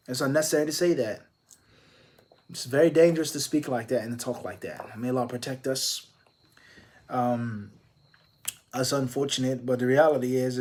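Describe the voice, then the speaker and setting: A man, an Islamic scholar, answering viewer questions live, explaining calmly with Arabic religious phrases and pressing his points with strings of rhetorical questions. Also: medium pitch. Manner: emphatic, stacking rhetorical questions.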